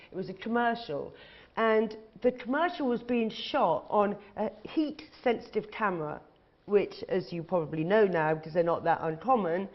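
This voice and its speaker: A middle-aged woman gives a chatty talk to an audience, telling stories with a candid, casually profane edge. Her voice sits at an ordinary middle pitch. The recording sounds a little dull and lo-fi. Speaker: casting director.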